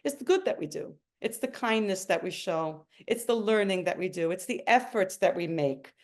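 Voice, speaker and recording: A woman's voice: mid-range voice, lively intonation, moderate pace. A middle-aged woman, telling her personal story in an earnest, emotional way. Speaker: speaker sharing a personal story. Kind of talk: personal testimony talk. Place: home.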